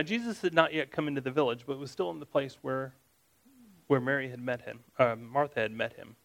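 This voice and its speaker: A man leading a Bible study in an easy, conversational way. He reads passages aloud, then breaks them down with casual asides and questions for his listeners. His voice sits at an ordinary, mid-range pitch. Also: creaky, poor audio. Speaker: Bible teacher.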